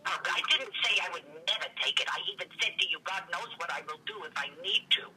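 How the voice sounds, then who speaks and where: An older woman chatting as a podcast guest, an animated storyteller who acts out the quotes in her stories. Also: lowish voice, fast talker. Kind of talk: casual chat. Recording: distant, noisy recording.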